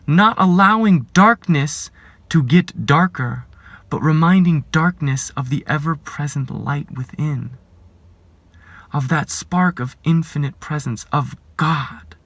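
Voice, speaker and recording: Man giving a spiritual talk, slightly raised pitch, unhurried measured delivery, earnest, rhetorical questions, dry close sound. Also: a bit bright, dry recording. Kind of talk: reflective spiritual talk to camera.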